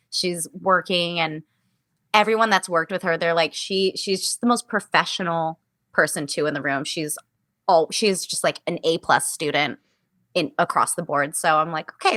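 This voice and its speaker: In a relaxed interview, a young woman who acts in musical theater spins animated stories, performing the voices she quotes and using "like" constantly. The recording is dry and her pitch is fairly low.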